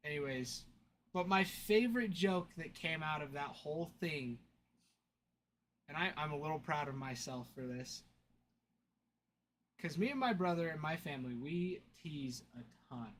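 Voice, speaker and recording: A man's voice: fairly high pitch, animated, unhurried, long pauses, fairly bright tone, a little hiss or hum. A young adult man hosting a card break livestream, telling stories in casual chat, laughing often and thanking viewers.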